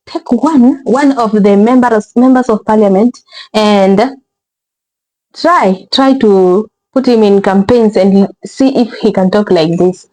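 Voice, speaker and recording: Woman ranting in a reaction vid, mellow dark voice, keeps going bruh and repeating herself. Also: medium pitch, slow, poor audio. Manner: rambling, exasperated, repeats words, says bruh. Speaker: reaction video host. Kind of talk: casual reaction commentary.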